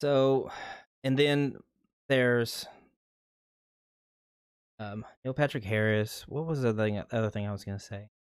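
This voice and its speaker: A man's voice: mid-range voice, slow, pauses often, smooth, no echo. Rambling man in a dry room. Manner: rambling, loses his train of thought. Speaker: vlogger reviewing movies. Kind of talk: casual movie commentary.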